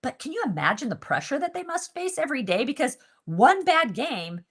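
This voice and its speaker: A woman hosting a book group interview, chatting casually and telling stories in an animated way, laughing often. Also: sits high, fairly quick.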